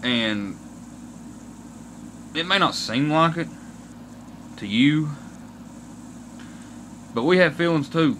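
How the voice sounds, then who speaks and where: Slow, bright-voiced Kentucky Appalachian man. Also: fairly high pitch, lively intonation, a little hiss or hum. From Kentucky, USA. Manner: aggrieved, blunt, swears often, slow and deliberate. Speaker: vlogger. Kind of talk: ranting monologue to camera.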